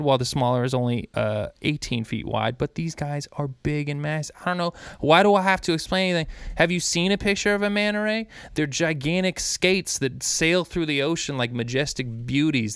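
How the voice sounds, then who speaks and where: A man's voice: mid-range voice, a bit bright, smooth, no echo. A man co-hosting a podcast in casual chat, enthusiastic and playfully combative. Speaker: podcast co-host.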